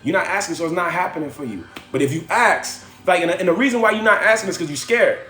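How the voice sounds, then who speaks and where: A man's voice: high-pitched, expressive, fast, bright, forceful tone, echoey room. A man hosting a livestream from home, giving a slangy, preachy motivational talk that repeats phrases for effect. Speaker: livestream host.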